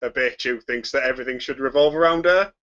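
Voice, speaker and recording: A man co-hosting a podcast, loud and chatty with frequent laughter. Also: mid-range voice, fast, dull audio. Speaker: podcast co-host. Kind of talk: casual banter.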